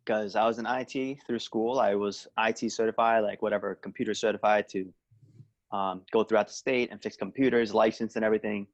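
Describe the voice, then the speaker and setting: A man's voice: fairly low pitch, fairly even intonation, brisk, lo-fi sound. A man who works as a police officer, chatting easily on a podcast and telling stories. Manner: easygoing, storytelling with acted quotes. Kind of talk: casual podcast chat.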